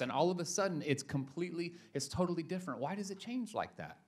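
A man's voice: a little high, lively intonation, fast talker, hardly any pauses. A young adult man, a pastor, giving a casual, joking sermon in a church and telling a story with lots of restarts.

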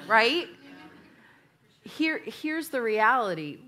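A woman preaches in church in an unhurried manner, her voice on the high side. Her sermon includes a funny story about herself, and she acts out both speakers in the dialogue with animation.

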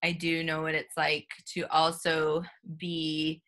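Woman host talking slow, bright kinda sharp voice, lots of ums. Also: deep voice, completely flat delivery. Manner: slow, supportive, frequent ums. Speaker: podcast host. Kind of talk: casual interview chat.

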